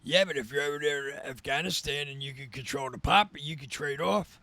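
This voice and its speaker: A man chimes in on a casual podcast with short, dry comments. His voice is bright and a little sharp. The mic sounds dry and close. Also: on the high side, fairly quick, dry recording. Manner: short interjections, dry remarks.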